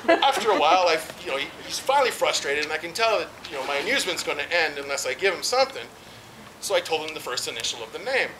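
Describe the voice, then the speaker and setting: A man's voice: fairly high pitch, big pitch swings, quick pace. A man performing rambling stand-up comedy stories at an outdoor barbecue, with frequent fillers. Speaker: amateur stand-up comic. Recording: noisy outdoor party recording.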